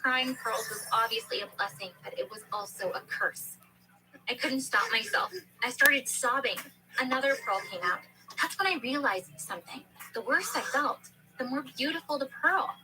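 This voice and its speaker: A woman tells a first-person story earnestly and dramatically, in a fairly high voice. A steady hiss of noise lies under the recording. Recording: noisy background hiss.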